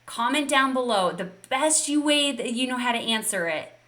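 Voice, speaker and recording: Woman fitness coach hyping up her viewers live, bright forceful voice, kinda high. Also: expressive, normal speed. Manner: upbeat, encouraging, talks straight to the viewers. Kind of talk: live online coaching session.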